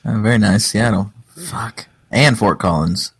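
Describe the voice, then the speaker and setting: A man's voice: lowish voice, animated, a little slow. A man co-hosting a podcast in casual chat, easygoing and hesitant, with many ums and restarts. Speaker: podcast co-host.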